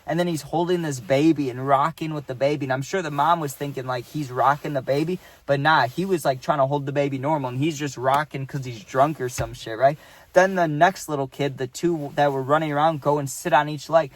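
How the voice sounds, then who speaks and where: A man's voice: on the high side, steady tone, brisk. A young man casually telling a workplace story, rambling and profane and checking in with "right?".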